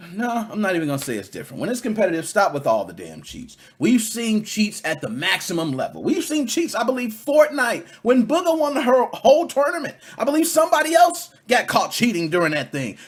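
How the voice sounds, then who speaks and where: Animated ranting male podcast host. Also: high voice, breathy edge. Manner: animated, ranting, swears freely, swings from loud to muttering. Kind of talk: solo gaming podcast rant.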